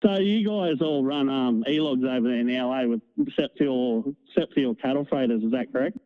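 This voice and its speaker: A man with a North Queensland Australian accent, a truck driver calling in to chat, relaxed and talkative. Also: medium pitch, normal speed, smooth. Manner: chatty, relaxed, uses mate and no worries. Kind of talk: casual phone call. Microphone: phone. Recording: tinny phone line.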